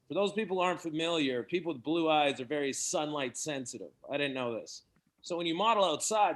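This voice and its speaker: Animated young Canadian comedian, man. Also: a little high. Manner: animated, laughs at his own jokes. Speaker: stand-up comedian. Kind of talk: stand-up set at an online open mic.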